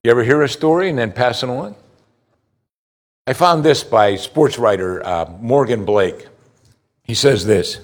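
A man preaching a sermon, rising loud on high points and dropping low and slow for scripture, asking listeners direct questions. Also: lively intonation. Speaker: pastor.

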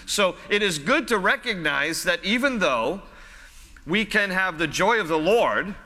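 A male pastor delivers a sermon in a friendly, conversational manner, circling back to repeat his points. His voice is bright and slightly high. It carries a long reverb, as if it were filling a church sanctuary. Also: lively intonation, unhurried. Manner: conversational, repeats phrases for emphasis.

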